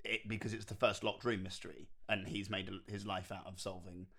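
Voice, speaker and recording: A man co-hosting a casual podcast chat, retelling and critiquing a TV episode in a rambling, animated way. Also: deep voice, a little fast. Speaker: podcast co-host.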